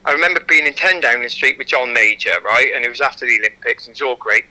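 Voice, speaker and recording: A man's voice: mid-range voice, fast talker, rough recording. A Welsh man, a guest athlete, telling stories frankly and animatedly in a radio interview. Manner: animated, frank, repeats "you know".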